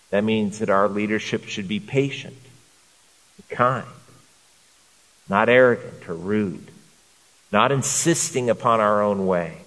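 A man preaching a sermon to men in an earnest, measured way, repeating phrases for emphasis. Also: medium pitch, big-room sound. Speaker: pastor.

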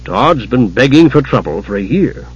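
A man doing a soft-spoken gentle innkeeper. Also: medium pitch, big pitch swings, moderate pace, slightly rough, highs cut off. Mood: soothing. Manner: quiet, soothing and solemn. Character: big gentle man innkeeper, soothing and placid.

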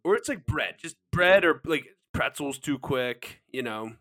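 Joking man with a bright, high voice. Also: animated, measured pace. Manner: jokey, laughs often. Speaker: co-host giving betting picks. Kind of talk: casual podcast banter.

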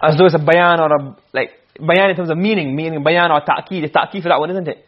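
In a lecture on Arabic rhetoric, a man speaks fast in a slightly high, steady voice, switching from Arabic text to English explanation. He frequently asks the class "okay?" and "you understand?" to make sure they follow. It's a dull, lo-fi classroom recording.

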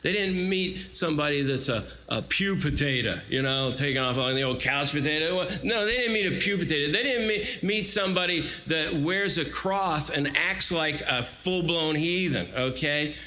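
A man's voice: fairly high pitch, normal speed, hardly any pauses, a little hiss or hum, low-quality recording. A man in his forties preaching a sermon, telling stories animatedly and acting out quotes. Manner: animated storytelling with acted-out quotes. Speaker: guest preacher.

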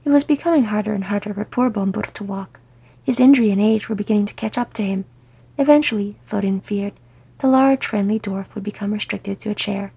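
A woman's voice: medium pitch, brisk, gravelly, slightly rough, rough recording. A woman reading fan fiction aloud, narrating and voicing each character. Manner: animated, voices each character. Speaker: audiobook reader.

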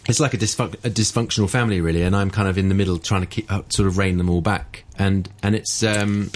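Deep-voiced man explaining ventriloquism. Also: steady tone, quick pace, a little hiss or hum. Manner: explains step by step, demonstrates. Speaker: ventriloquist guest. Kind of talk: casual radio interview.

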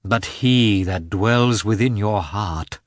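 A man voicing a devout, ecstatic countess who speaks softly and fervently. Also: on the low side, slow, no echo, clean studio sound. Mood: fervent consoling. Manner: soft, fervent, sighing. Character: pious ecstatic countess, middle-aged, consoling and devout. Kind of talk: audiobook character voice.

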